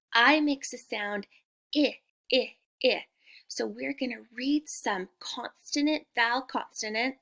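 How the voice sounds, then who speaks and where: A woman teacher giving a slow phonics lesson for young children, sounding out letters with exaggerated care and praising the listener. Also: a little high, creaky, bright, forceful tone.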